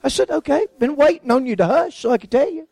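High-voiced preacher telling a story. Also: male voice, expressive, fast talker, creaky, warm tone, no echo, rough recording. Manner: folksy storyteller acting out quoted voices. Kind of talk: sermon testimony storytelling.

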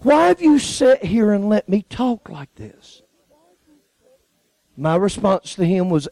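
A man's voice: high voice, very animated, slow pace, long pauses, warm tone, no room sound, rough recording. A man preaching, telling a personal story and acting out the people in it. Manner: folksy storyteller acting out quoted voices. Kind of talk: sermon testimony storytelling.

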